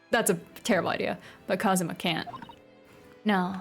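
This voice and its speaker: A woman's voice: mid-range voice, steady tone, moderate pace, faint music behind. A woman streaming a game, chatting casually, giggling often and swearing offhandedly while she fusses about her own performance. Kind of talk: casual gaming commentary.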